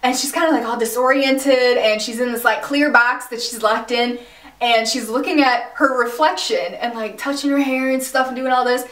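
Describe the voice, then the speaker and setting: Animated woman vlogger in an echoey room. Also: fairly high pitch, moderate pace, far from the mic. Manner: animated, exclaims and laughs, slangy asides. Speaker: recap vlogger. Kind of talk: casual TV recap. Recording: echoey room, a bit off-mic.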